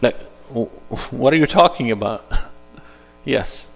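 Animated male religious teacher, reverberant hall. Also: medium pitch, slow pace, creaky. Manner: animated, fires rhetorical questions at audience. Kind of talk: interactive religious workshop talk.

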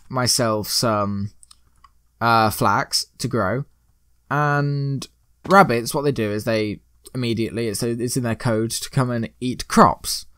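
A man's voice: medium pitch, sharp tone. Joking, rambling man narrating gameplay. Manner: rambling, joking, pun-loving. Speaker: let's play host. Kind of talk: gameplay commentary.

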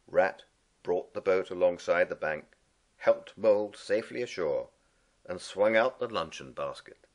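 A man reading a storybook aloud as narrator, slow and expressive. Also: sits low.

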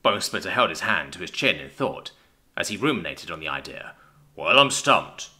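A man narrating a science fiction story in an expressive, scripted storytelling manner. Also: low voice, a little fast.

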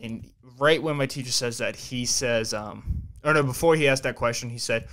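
A man's voice: medium pitch, normal speed, a bit bright. A young man hosting a podcast, telling a long story in a rambling, profane way, full of fillers and restarts. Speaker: podcast host. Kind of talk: casual storytelling chat.

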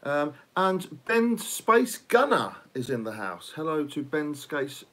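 A man's voice: fairly high pitch, very animated, takes it slowly, sharp tone. A man co-hosting a casual live stream, teasing viewers and swearing freely.

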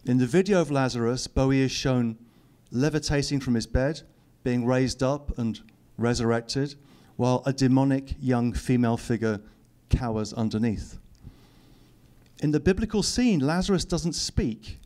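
A man's voice: mid-range voice, moderate pace, darkish tone. Middle-aged man, author reading aloud at a public talk; dry wit. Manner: dry, teasing asides to the audience. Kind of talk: reading aloud and commenting to an audience. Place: lecture hall.

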